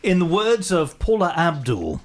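A man's voice: fairly high pitch, huge pitch swings, unhurried, over a noisy crowd. A man, a comedy radio host who drops dry, wry remarks. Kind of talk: casual comedic chat.

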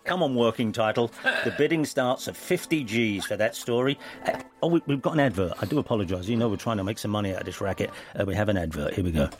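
A man's voice: lowish voice, quick pace. A man co-hosting a radio show, reading listener letters in a jokey, self-deprecating way.

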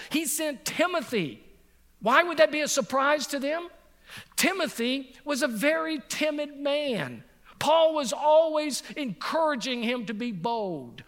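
A middle-aged male pastor preaching a sermon and telling a personal story, emphatic and repetitive, sometimes dropping to a soft voice on key points. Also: extremely high pitch, animated, measured pace, big-room sound. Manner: emphatic, repeats phrases for effect, drops to a soft voice on key points.

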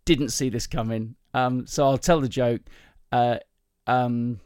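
A chatty man hosting a podcast, telling jokes with plenty of asides and laughter. His voice sits at an everyday pitch, recorded close and dry. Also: steady tone, slow pace, a little mellow, clean tone, dry recording. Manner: chatty, rambling, laughs often. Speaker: podcast host. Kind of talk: casual chat, joke telling.

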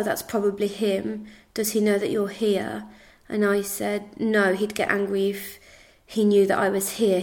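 A woman with an English accent giving a halting spoken account, retelling conversations step by step. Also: mid-range voice, vocal fry. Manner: flat, halting retelling with reported speech. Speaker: interviewee recounting events. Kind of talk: spoken testimony.

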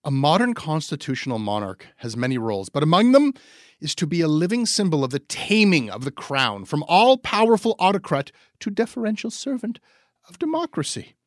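A man's voice: a little high, sing-song, fairly quick, no room sound, studio quality, pitched above the performer's own voice. A man voicing a grandiose, romantic male monarchist orator in a swelling, theatrical recital.

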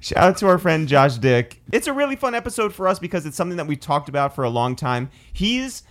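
A male podcast host with a lively voice that swings up and down a lot. He is upbeat, laughs easily, and moves smoothly between banter and pitches to the audience. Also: fast talker. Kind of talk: casual podcast chat.

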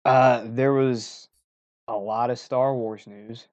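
A man's voice: medium pitch, fairly even intonation, slow, a little mellow, lo-fi sound. A man co-hosting a casual podcast, speaking hesitantly with fillers. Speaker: podcast co-host. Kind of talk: casual chat.

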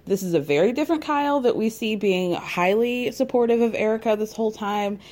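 A woman's voice: fairly high pitch, brisk, a little mellow. A young adult woman recapping a reality TV show in casual, gossipy commentary, laughing often and dropping sassy asides.

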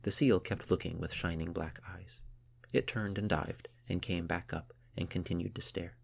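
A man narrating a storybook in a slow, measured, soft reading voice. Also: low-pitched, fairly even intonation, creaky, husky.

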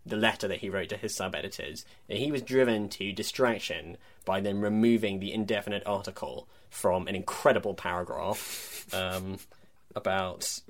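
A man co-hosts a relaxed film podcast, talking in a fairly low voice. His delivery is wry and chatty, and he often breaks into laughter. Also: moderate pace. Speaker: podcast co-host. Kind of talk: casual film podcast chat.

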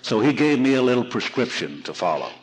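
Speaking quickly and with a lot of animation, this man has a mid-range voice captured in poor audio. He's giving a storytelling talk at a recovery seminar from a podium, spinning folksy, self-deprecating tales in an archival recording.

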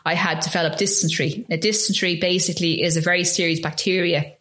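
Woman, quite a low voice, telling her story in an interview, halting, lots of restarts, acts out what people said. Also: fairly even intonation, a bit bright, roomy sound. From Ireland. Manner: earnest and halting, with frequent restarts and re-enacted dialogue. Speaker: interview guest. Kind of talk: recounting a personal ordeal in an interview.

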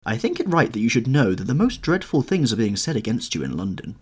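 A grave, earnest painter, voiced by a male audiobook reader, pressing his case with pleading urgency. The reader pitches him higher than his narrating voice, with a husky grain and a lively, swooping delivery. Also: fast. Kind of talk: audiobook character reading.

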